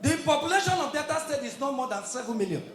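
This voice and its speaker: A man doing live stand-up comedy with a Nigerian Pidgin English accent, delivering loud, punchy, shouted punchlines. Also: very high-pitched, expressive, fast, reverberant, slight background noise.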